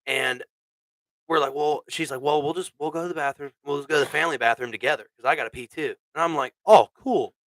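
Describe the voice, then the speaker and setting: A man hosts a casual podcast, telling crude stories with lively energy and plenty of swearing. His voice sounds bright and forward. The sound is close and dry. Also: a little high, fast, no echo, poor audio. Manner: crude, animated storyteller who swears a lot. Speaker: podcast host. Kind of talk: casual storytelling chat.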